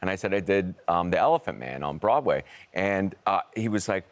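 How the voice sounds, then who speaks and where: A middle-aged American man, an actor being interviewed, telling rambling, animated anecdotes. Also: low-pitched, fairly quick. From United States. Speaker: actor guest. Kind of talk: conversational interview storytelling.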